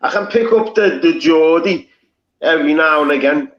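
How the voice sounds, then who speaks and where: A man's voice: a little high, moderate pace. A man with a Liverpool accent, talking bluntly and swearing a lot as a guest on a live stream panel, with rambling restarts. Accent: Liverpool Scouse. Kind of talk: casual livestream banter. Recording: slightly lo-fi audio.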